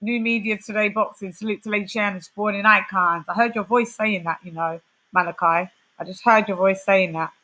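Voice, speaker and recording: A woman, co-hosting a casual chat stream, chatty and quick to laugh, reading out viewer comments as she goes. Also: medium pitch, fairly even intonation, bright, forceful tone, low-quality recording. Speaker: co-host.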